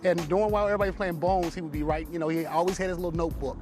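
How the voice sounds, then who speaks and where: A man in a documentary interview, reminiscing in a relaxed, nostalgic way. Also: a little high, very fast. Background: music bed.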